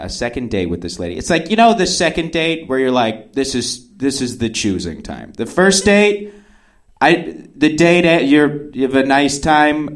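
A young man telling a self-deprecating story on stage. His pitch jumps all over the place as he acts out his own thoughts. He stumbles into restarts and fillers, then barrels on. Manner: acts out quotes of himself. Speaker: stand-up comedian. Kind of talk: stand-up storytelling.

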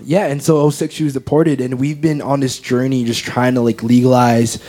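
A young American man gives a personal testimony as an interview guest. His voice is warm and mellow. He tells his story earnestly and from the heart. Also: medium pitch, little pitch movement, normal speed. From United States.

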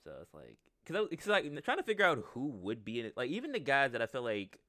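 A man's voice: mid-range voice, huge pitch swings, quick pace, a bit bright, no room sound, studio quality. A man co-hosting a podcast, chatting casually about basketball in a loose, rambling way and laughing often. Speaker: podcast co-host. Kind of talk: casual sports chat.

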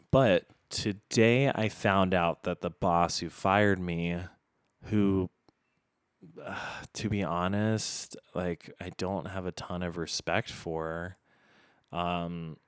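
Low-voiced young man, candid rambling monologue. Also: no room sound, studio quality. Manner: candid and rambling, with frequent swearing and filler words. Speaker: podcast host. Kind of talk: casual confessional monologue.

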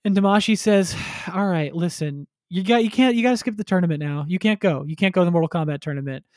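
A man's voice: high voice, fast talker, darkish tone, dry recording, clean studio sound. A man chatting casually on a podcast, retelling a story and acting out characters with crude humor. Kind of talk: casual chat.

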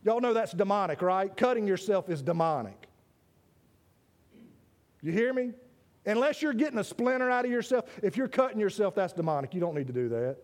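A male preacher with a strikingly high voice delivers a lively sermon. He talks straight to his congregation, calling people by name and tripping over repeated words as he pushes ahead. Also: fairly quick. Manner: animated, speaks directly to listeners by name, stammers on restarts.

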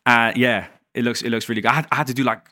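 Guy telling stories at a live show, quick and chatty, bright voice, dry sound. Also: mid-range voice, no room sound. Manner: animated storyteller, slangy, fast chatter. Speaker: guest, dentist. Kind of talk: casual live interview chat. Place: live event venue.

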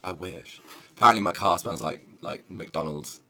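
A man's voice: sits low, normal speed, a crowd in the background. A man co-hosting a podcast in giggly casual chat, reading out reviews and mock-scolding his partner. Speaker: podcast co-host.

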